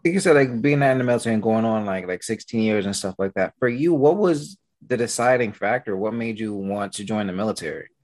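Low-voiced guy hosting a chat, talks quick and rambles, keeps asking if you get him. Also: a little mellow. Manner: rapid, rambling, leans on "you know what I mean". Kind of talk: casual conversation.

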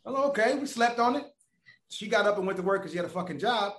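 A man's voice: high-pitched, fast talker, roomy sound, slight background noise. A man telling a long personal story in casual, profane talk, acting out the voices of the people in it. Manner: animated, profane, acts out voices of others.

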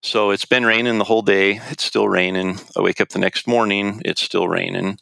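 A man's voice: lowish voice, steady tone, moderate pace, vocal fry, sharp tone, dry recording. A man telling a long hunting-trip story in a casual, rambling way, with restarts and quoted dialogue. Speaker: guest recounting a hunting trip.

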